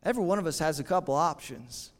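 A pastor preaching a sermon in an earnest, conversational way, with dramatic pauses. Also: male voice, on the high side, in a large hall.

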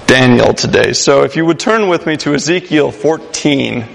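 A man's voice: mid-range voice, lively intonation, moderate pace, gravelly. A young man preaching a sermon in a church, casual and joking with many fillers. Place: church sanctuary. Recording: long hall reverb.

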